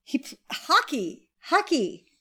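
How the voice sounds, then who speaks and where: A woman's voice: sits high, very animated, slow pace, bright, forceful tone. A tipsy woman in casual chat, telling a story with animation, laughing often and acting out lines from a movie.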